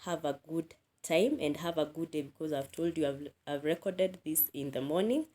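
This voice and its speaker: A woman teaching an English grammar lesson, speaking deliberately, repeating key words and asking the listener questions. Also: low-pitched, mellow.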